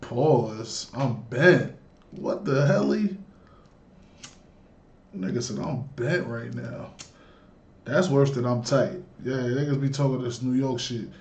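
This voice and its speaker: A man's voice: mid-range voice, slow pace, a little mellow, lo-fi sound. A man hosting a reaction video, casually riffing on slang with profanity and frequent laughter.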